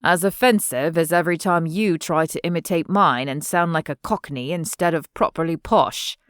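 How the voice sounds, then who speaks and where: A woman's voice: deep voice, normal speed, no room sound, studio quality, natural voice. A woman voicing a teasing young man, the son of an earl for an audiobook.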